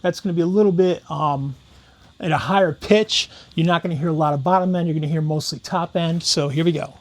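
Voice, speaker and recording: A man's voice: fairly high pitch, brisk, a little hiss or hum. A man talking casually through a guitar pedal demo, walking through each knob setting step by step. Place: room with guitar gear.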